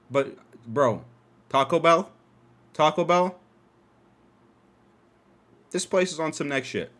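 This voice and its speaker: A young man telling a story casually on a podcast, cursing freely and breaking into loud excited bursts. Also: mid-range voice. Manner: animated, profane, swings into loud excited outbursts. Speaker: podcast host.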